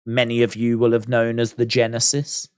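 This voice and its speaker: A man's voice: mid-range voice, monotone, moderate pace, clear, resonant tone, no echo, clean studio sound. A British man hosting a casual live stream, musing aloud, reading out viewer comments and poking fun at himself. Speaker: livestream watch-along host.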